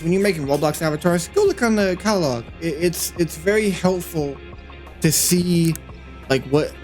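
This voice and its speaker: A man casually narrating his 3D work session, thinking aloud in a rambling, playful way with lots of fillers. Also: on the high side. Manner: easily excited, playful. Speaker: 3D animator and creator.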